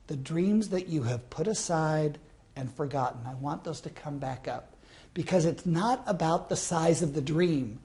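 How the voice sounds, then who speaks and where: A man's voice: fairly high pitch, dark tone. A man in his fifties from Southern California, giving a motivational self-help talk and telling a personal story, with rhetorical questions to the listener. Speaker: motivational speaker.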